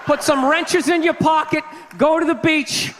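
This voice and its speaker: A man's voice: very high voice, steady tone, unhurried, fairly bright tone, shouting, big-room sound, a little hiss or hum. A male comedian performing a stand-up set, riffing brashly and profanely at the crowd. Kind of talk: stand-up routine.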